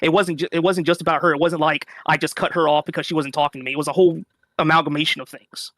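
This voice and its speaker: A man's voice: a little high, fairly even intonation, fast talker, fairly bright tone, no echo. A man explaining himself defensively in a played clip, stammering and repeating words.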